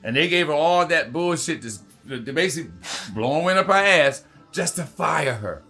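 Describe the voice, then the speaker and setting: A man's voice: on the high side, animated, moderate pace, creaky, pushed and bright, soft background music. A man from the United States hosting a heated political commentary rant, swearing often and repeating "you know what I mean". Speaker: commentary host.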